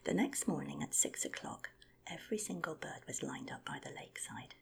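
A woman telling an animal fable in a whispered, expressive storytelling voice. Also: deep voice, normal speed, gravelly, slightly rough. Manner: lively, expressive narration.

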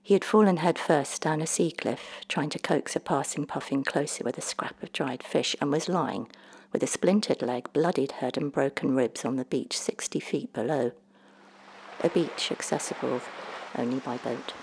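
A woman narrating a storybook in a measured, expressive way, sometimes dropping almost to a whisper. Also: very deep voice, husky.

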